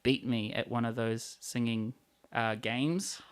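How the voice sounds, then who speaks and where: A woman's voice: extremely low pitch, fairly even intonation, slow pace, smooth. A woman radio host in casual chat, playful and prone to tangents and jokes.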